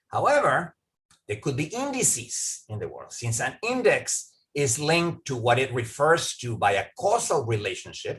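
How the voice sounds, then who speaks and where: A man's voice: fairly high pitch, fairly bright tone. A man answering an audience question in a lecture over a video call, talking discursively, repeating words as he starts sentences and often checking in with "right?". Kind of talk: academic Q&A answer.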